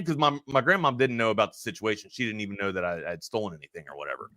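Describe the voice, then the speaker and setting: A man hosting a sports talk show, telling a long personal story in a rambling, animated way full of restarts. He is from Maryland. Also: medium pitch, quick pace, dry recording, studio quality. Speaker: sports talk radio host.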